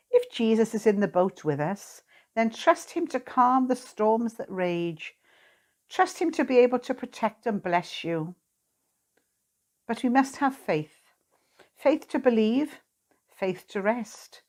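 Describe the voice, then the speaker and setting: A woman giving a short sermon reflection to a church congregation, speaking in a gentle, earnest, pastoral way. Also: a little high. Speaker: lay preacher.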